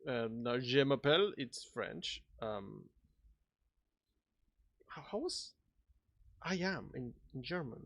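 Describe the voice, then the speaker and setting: Excitable streamer man, dry close mic. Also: medium pitch, slow, gravelly, pauses often, dry recording. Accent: non-native English accent. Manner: excitable, swears and laughs often. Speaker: game streamer. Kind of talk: casual live-stream chat.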